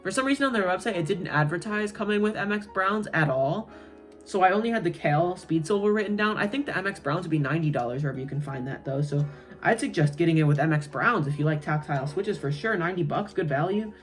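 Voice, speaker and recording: A woman with a fairly low speaking voice runs through a casual product review. She rambles chattily and drops plenty of ums and uhs as she goes. Faint music plays quietly behind her. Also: fast. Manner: chatty, rambling, frequent fillers. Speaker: tech reviewer.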